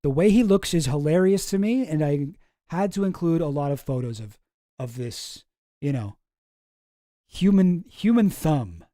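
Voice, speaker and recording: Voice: mid-range voice, lively intonation, unhurried, warm tone, dry recording, studio quality. A streamer giving casual commentary in a rambling, profane way, often breaking off mid-sentence and sometimes sarcastic. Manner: rambling, profane, self-interrupting.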